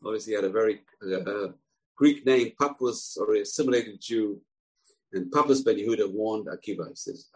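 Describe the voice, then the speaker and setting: A man teaching through an animated storytelling lesson. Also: fairly low pitch, moderate pace, poor audio.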